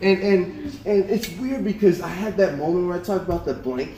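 A young man preaching a sermon to a congregation, telling a story in an animated way with repeated words and frequent laughs. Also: sits high, normal speed, crowd noise. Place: church hall. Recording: echoey room with a congregation. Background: congregation responding.

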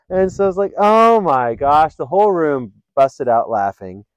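A man hosting a podcast, telling funny stories in a casual, animated way and laughing often. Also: on the high side, no room sound, rough recording. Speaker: podcast host. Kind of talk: casual storytelling chat.

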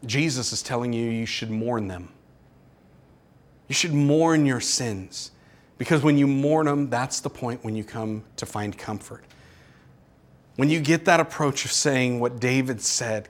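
A male pastor preaching a sermon, pressing his listeners with repeated rhetorical questions and swinging between urgent and hushed. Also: mid-range voice, a little slow.

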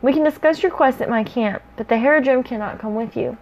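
A woman's voice: sits high, fairly quick, darkish tone, pitched above the performer's own voice. A woman reading the lines of a stern male ranger captain in a dry, curt manner. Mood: wary.

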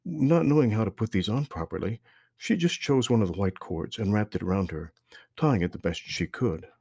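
Podcast narrator: man, low husky voice, calm and measured, dry close sound. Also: dry recording. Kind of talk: scripted story narration.

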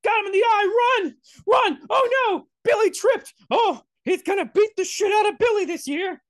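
Guy putting on a squeaky scared little kid voice, frantic and shrill, pitch jumping all over, dry sound. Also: lively intonation, slow pace, a bit bright, dry recording, heavily acted. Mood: panicked. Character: frightened poor little child, shrill and panicky.

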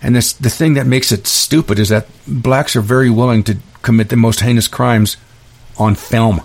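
A man's voice: mid-range voice, steady tone, normal speed, gravelly. A man hosting a podcast, delivering an emphatic, ranting monologue with frequent restarts. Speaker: podcast host. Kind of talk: opinion monologue.

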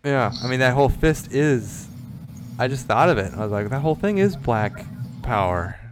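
A man co-hosting a loose, joking chat show, his voice sitting at an ordinary middle pitch. There is clear background noise under the recording. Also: expressive, normal speed. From Minnesota. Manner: casual, joking, laughs often. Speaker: podcast co-host. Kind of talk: casual political chat.

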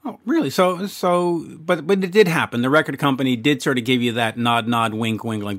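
A man hosting an interview, talking in an enthusiastic, rambling way and telling stories with animated asides. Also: mid-range voice, fairly quick, few pauses. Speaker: radio interviewer host. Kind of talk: casual interview chat.

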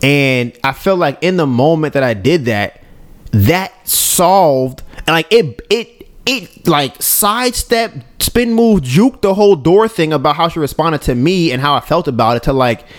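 An unhurried man with a fairly high voice co-hosts a podcast, sharing a story from his life in a casual, talkative manner. He's animated, acting out his and others' lines, and checks in with listeners often.

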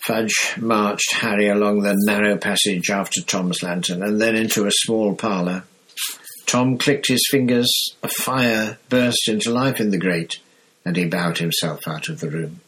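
A man narrating a novel aloud with a low, even voice. His reading is measured and steady, keeping the story moving. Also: low-quality recording. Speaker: audiobook reader. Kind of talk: scripted narration.

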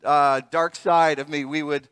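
A middle-aged male pastor preaching an animated sermon, laughing often and acting out the voices in his stories. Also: on the high side, a little slow, smooth, dry recording.

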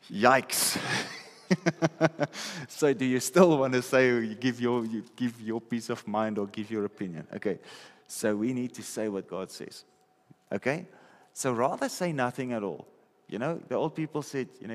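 A man's voice: mid-range voice, expressive, measured pace. Man preaching in a reverberant hall. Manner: conversational, checks in with listeners often. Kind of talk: sermon. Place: church hall.

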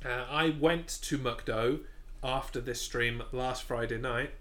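Sardonic British podcast host. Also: male voice, medium pitch, fairly even intonation, takes it slowly, a bit bright. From Britain. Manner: sardonic, dry jokes, swears casually. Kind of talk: casual chat.

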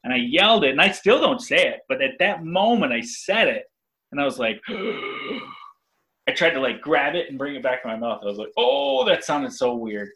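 A man, a father and podcast co-host, chatting casually and rambling, acting out yelled quotes. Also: medium pitch, lively intonation, quick pace, poor audio. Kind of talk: casual family chat.

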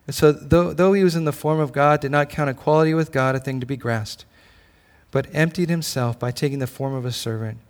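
A man's voice: on the high side, fairly even intonation, brisk. A man preaching a sermon as a pastor, casual and conversational, telling stories and acting out bits of dialogue. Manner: casual, storytelling, acts out dialogue. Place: church. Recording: reverberant hall.

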